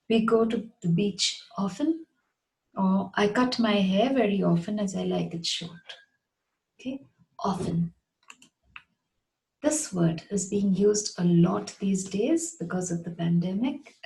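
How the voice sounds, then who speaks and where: A woman teaching English pronunciation, saying each word slowly and carefully and repeating it. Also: mid-range voice, warm tone, poor audio. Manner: slow, careful, repeats words clearly. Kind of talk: pronunciation lesson.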